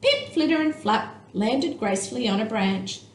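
Woman teacher, storybook read-aloud, lively pitch, echoey room with faint noise. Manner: slow, expressive read-aloud. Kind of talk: reading a picture book aloud.

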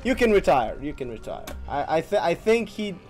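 A man's voice: a little high, big pitch swings, normal speed, over loud music. Man laughing helplessly while streaming a game. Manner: helpless hysterical laughter, swearing. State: laughing to tears. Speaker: gaming streamer. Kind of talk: live-stream gameplay commentary.

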